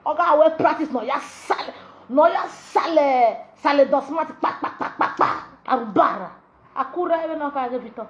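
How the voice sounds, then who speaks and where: A woman's voice: high-pitched, a bit bright. A woman with a Nigerian accent, a social media vlogger ranting in Pidgin, scolding and mocking with sing-song repetitions. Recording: dull lo-fi audio.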